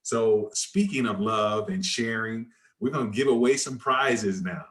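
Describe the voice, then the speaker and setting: A man's voice: fairly low pitch, unhurried, roomy sound, over a noisy crowd. A man hosting an online book launch, easygoing and informal, often stumbling over and repeating his words. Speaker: event host.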